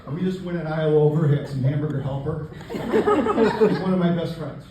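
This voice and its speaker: An older man performing a stand-up comedy set on a club stage, with a deadpan, self-mocking delivery. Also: fairly high pitch, moderate pace, heavy background noise. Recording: echoey live club, distant mic. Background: audience laughter.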